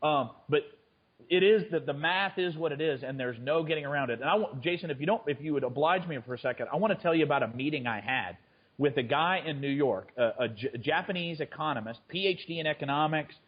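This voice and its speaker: A fund manager and trader appears as a guest in a conversational interview, frequently stammering and restarting his sentences. His voice is on the high side and he talks fast; the recording is lo-fi.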